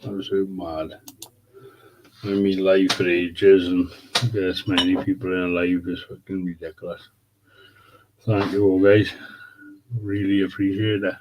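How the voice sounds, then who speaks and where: A man hosting a casual livestream speaks in a low voice with a level tone at a moderate pace, over dull audio and background noise. He chats with viewers in a laid-back way, swearing freely and calling them mate and bud.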